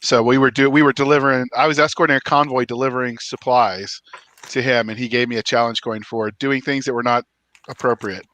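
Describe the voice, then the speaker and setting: A man's voice: medium pitch, fairly even intonation, brisk, fairly bright tone. A man co-hosting a podcast, chatting in an easygoing, joking way. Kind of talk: casual chat.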